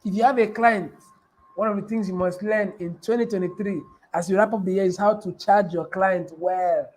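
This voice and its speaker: Guy coaching on a livestream, high voice, keeps repeating himself for emphasis. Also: fairly even intonation, moderate pace, a little mellow, rough recording. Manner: emphatic, repeats key phrases, asks the audience questions. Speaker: business coach. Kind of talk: live-streamed motivational talk.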